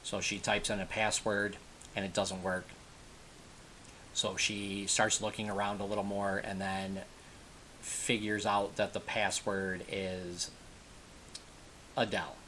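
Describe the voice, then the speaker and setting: Low-voiced man rambling through a recap. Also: little pitch movement, slow pace, long pauses, pushed and bright, slight background noise. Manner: rambling, backtracks and corrects himself. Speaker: TV episode reviewer. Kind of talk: casual spoken episode recap.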